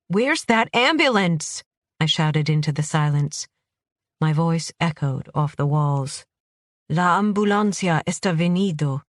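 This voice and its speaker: An audiobook narrator giving a first-person thriller reading, steady and even. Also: mid-range voice, no room sound, clean studio sound.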